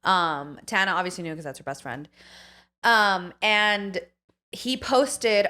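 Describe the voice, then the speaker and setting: Bright-voiced woman rambling through gossip. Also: mid-range voice, animated, slow. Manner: rambling storytelling, lots of "like" fillers. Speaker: podcast co-host. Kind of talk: casual gossip chat.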